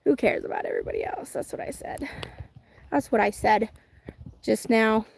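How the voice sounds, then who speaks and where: A woman's voice: on the high side, big pitch swings, moderate pace, vocal fry, a little mellow, slight background noise. A woman hosting a casual live chat outdoors, reading viewer comments, chatty and giggly with a self-deprecating humor. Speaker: livestream host.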